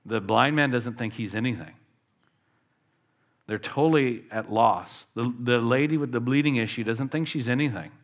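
A man preaching a sermon as pastor, talking in an animated way and acting out the voices of the people he quotes. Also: medium pitch, moderate pace, dull audio.

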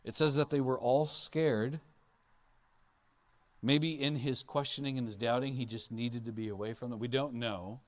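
A man's voice: mid-range voice, fairly even intonation, normal speed. A male pastor preaching an Easter sermon, earnest, his voice rising and falling for emphasis as he acts out quotes.

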